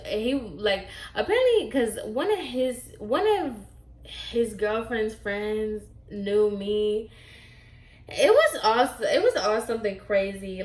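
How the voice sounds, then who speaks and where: A young woman vlogger telling a casual storytime, with an animated, sassy way of retelling and lots of fillers. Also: medium pitch. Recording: echoey room.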